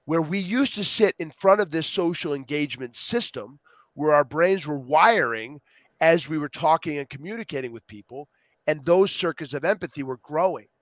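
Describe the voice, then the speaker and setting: A man being interviewed as a youth program co-founder, explaining ideas with lively acted-out quotes. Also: on the high side, no echo. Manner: animated storyteller, acts out quotes. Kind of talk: podcast interview.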